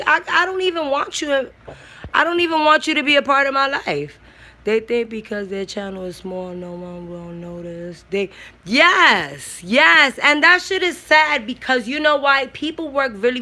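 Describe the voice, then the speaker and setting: A woman's voice: high-pitched, sharp tone. Congested blunt woman on a livestream. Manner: blunt, swears freely, slangy. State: congested from a cold. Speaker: YouTuber on a livestream. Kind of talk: casual livestream chat, reading comments.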